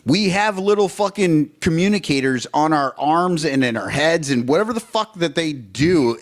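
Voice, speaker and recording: A man's voice: a little high, big pitch swings, unhurried. Ranting, profane baseball fan man. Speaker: podcast co-host. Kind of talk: casual sports chat.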